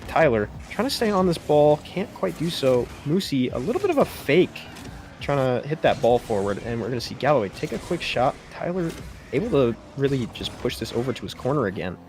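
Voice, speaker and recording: A man calls an esports match play-by-play at a mid pitch, keeping a steady flow and lifting his voice on big plays. A faint hiss sits under the voice. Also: a little fast. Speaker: play-by-play commentator. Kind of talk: esports commentary.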